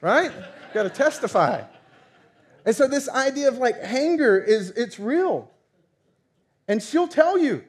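A man in his thirties preaching a sermon, telling stories with lively acted-out dialogue. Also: very high voice, a little slow, long pauses. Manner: animated storytelling, acts out quoted dialogue. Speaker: pastor.

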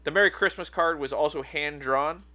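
A man in his thirties with a sharp, somewhat high voice speaks at normal speed. He co-hosts a podcast, chatting casually and rambling, with lots of fillers and restarts.

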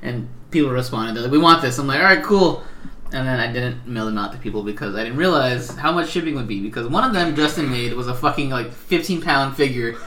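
Podcast co-host, male, lively storyteller who voices quotes and laughs; echoey room, mic set back. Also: medium pitch, quick pace, hardly any pauses, recorded from a distance, a crowd in the background. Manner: animated storytelling, acts out quotes, swears, laughs often. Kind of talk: casual chat about collectibles.

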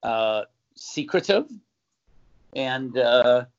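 A man, a magician guest in a casual interview, telling stories and acting out accusing voices with sudden loud jumps. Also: mid-range voice, lively intonation, drawn-out words. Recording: dull, muffled sound.

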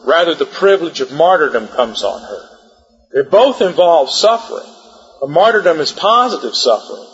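Husky male Bible teacher in a hall. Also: on the high side, big pitch swings, moderate pace, a bit bright. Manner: emphatic, explanatory, repeats key points. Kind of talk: Bible lecture. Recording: dull sound, long hall reverb.

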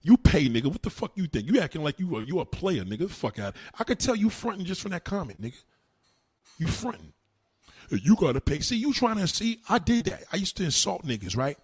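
Answering his livestream's comments, this man goes on a combative rant packed with cursing, slang, and retorts he keeps repeating. His voice sits on the high side with a breathy edge, and the recording is dry.

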